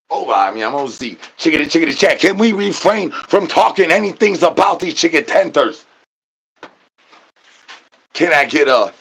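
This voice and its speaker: A man doing an absurd comedy rant to his chat, spilling rhyming nonsense patter with rapid stuttered repetitions. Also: on the high side, big pitch swings, gravelly, fairly bright tone, breathy edge. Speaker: streamer.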